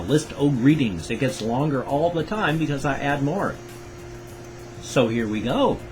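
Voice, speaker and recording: An older man with a Pacific Northwest accent chats in a casual solo vlog, rambling and correcting himself as he goes. His voice is medium-pitched, and the recording is low quality.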